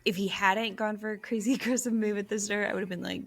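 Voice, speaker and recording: A young woman with a gravelly, fry-edged voice chats as a podcast co-host. She talks in a loose, animated way and laughs often as she tells stories. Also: medium pitch, quick pace, few pauses. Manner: chatty, laughing, animated storytelling. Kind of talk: casual chat.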